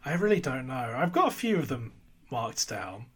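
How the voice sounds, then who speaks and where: Bright-voiced man chatting and laughing. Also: mid-range voice, big pitch swings, moderate pace, slightly rough. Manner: laughs often while talking. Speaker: podcast co-host. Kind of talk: casual film discussion.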